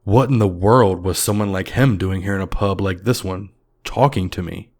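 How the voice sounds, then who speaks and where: A man reading a creepypasta as narrator in a measured, somber storytelling manner. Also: low-pitched, darkish tone. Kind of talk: scripted horror narration.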